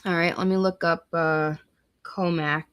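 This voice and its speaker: This is a woman hosting a relaxed livestream. She takes her time, drawing her words out while she reads weather forecasts aloud and chats directly with her viewers. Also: on the low side, unhurried, clean tone. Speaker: livestream host. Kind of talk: casual livestream chat.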